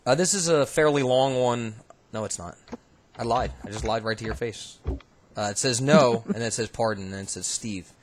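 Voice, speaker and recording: A man hosting as a paranormal investigator, casually talking through recordings in a relaxed, halting way, thinking aloud with fillers. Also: mid-range voice, slight background noise. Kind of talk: casual commentary reviewing recordings.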